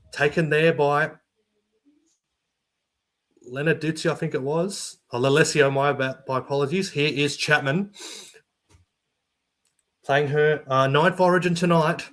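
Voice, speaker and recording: Male sports commentator, high voice, excitable live play-by-play. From Australia. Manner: rapid play-by-play, jumps to shouting on big runs.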